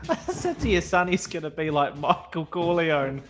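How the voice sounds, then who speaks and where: A man's voice: fairly high pitch, big pitch swings, normal speed, fairly bright tone, slight background noise. A man co-hosting a casual fan podcast, teasing his co-host and laughing easily.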